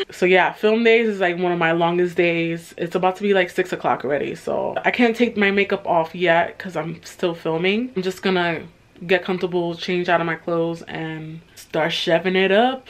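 A young woman vlogging in a chatty, casual way, with slang and frequent laughs. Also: fairly low pitch. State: stuffy nose. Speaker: beauty vlogger. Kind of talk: casual vlog narration.

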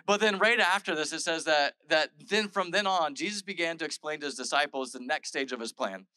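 Bright-voiced, chatty male pastor. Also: a little high, a little fast, no echo, poor audio. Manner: chatty and informal, full of "like" and "all right"; retells scripture in modern everyday speech. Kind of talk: casual conversational sermon.

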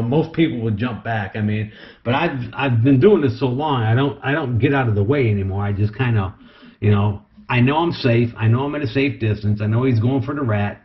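A man keeping snakes, talking through a casual how-to vlog in an excitable, chatty way. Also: medium pitch. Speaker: snake keeper. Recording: echoey room, dull lo-fi sound.

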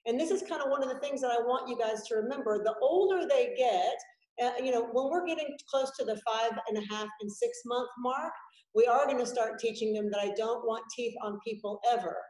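A woman with a fairly high voice teaches dog owners over a video call, chatty and animated. Her voice rings in an echoey home room. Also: brisk. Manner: chatty and animated, acts out puppies and dramatic yelps. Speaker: dog trainer teaching a class. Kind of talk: informal online class lecture. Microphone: video call microphone.

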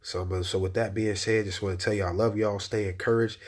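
Low husky guy giving his testimony, preachy, repeats stuff for emphasis. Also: fairly even intonation, quick pace. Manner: preacher-like, repeats phrases, rises in pitch when exhorting. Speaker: Christian encourager giving personal testimony. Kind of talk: spoken testimony and encouragement.

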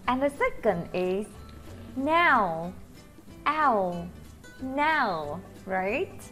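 Slow sing-song Vietnamese teacher woman. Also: on the high side. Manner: slow, sing-song teacher talk, drawing out vowel sounds. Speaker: English teacher. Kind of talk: children's pronunciation lesson.

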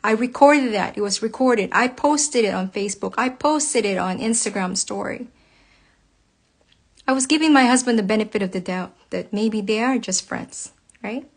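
A woman's voice: fairly high pitch, moderate pace. Angry hurt woman venting to followers. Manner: angry, hurt, emphatic with repeated phrases. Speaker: psychologist. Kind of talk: emotional personal account to followers.

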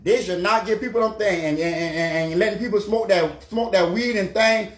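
An actor playing an older Southern granddad with a Gullah Geechee accent, rambling and stammering through comedy stories. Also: male voice, high-pitched, fairly quick, echoey room, lightly acted.

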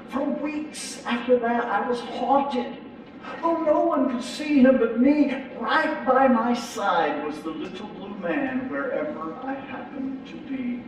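A man's voice: very high-pitched, animated, slow, slight background noise. A middle-aged man preaching a sermon as pastor, talking conversationally and often repeating his words as he restarts. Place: large church sanctuary. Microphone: distant from the mic. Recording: echoey church hall from far off.

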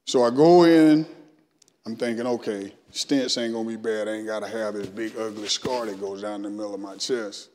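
A man's voice: on the low side, fairly quick, hardly any pauses. Southern man preaching in a reverberant church. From Alabama. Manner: storytelling, lively, acts out his own past dialogue. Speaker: guest speaker. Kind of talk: sermon testimony. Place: church sanctuary.

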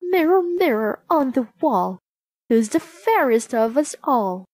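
A woman's voice: sits high, very animated, slow, darkish tone, no room sound, pitched above the performer's own voice, heavily acted. A woman voicing a vain, spiteful wicked queen in a storybook reading. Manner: haughty and spiteful.

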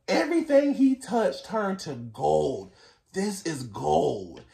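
A man hosting a casual reaction video, talking in an excitable, gushing, slangy way. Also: a little high, takes it slowly, gravelly. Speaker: reaction channel host.

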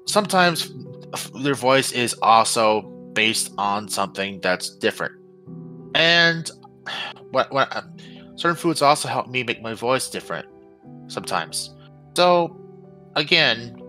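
A man on a casual voice-training podcast, talking in halting starts and restarts. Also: mid-range voice, pushed and bright, rough recording. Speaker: podcast co-host. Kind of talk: casual chat.

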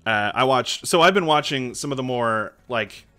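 A man streaming a video game live, reacting excitably and chatting to his viewers. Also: mid-range voice, normal speed. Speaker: Twitch streamer.

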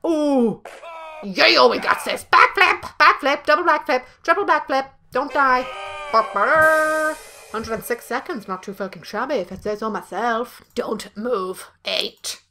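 A young woman giving loud, profane, jokey commentary while playing a video game. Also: on the high side, slight background noise. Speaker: gameplay streamer. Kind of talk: let's play commentary.

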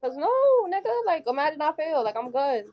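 Woman stranger on a video call, high voice, blunt and defiant, muffled sound. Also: sing-song, brisk. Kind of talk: casual video-chat banter.

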